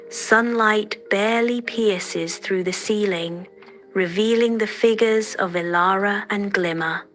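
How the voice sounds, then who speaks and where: A woman narrating a fairy tale in a gentle, measured, dreamy manner. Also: mid-range voice. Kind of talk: soft storytelling narration.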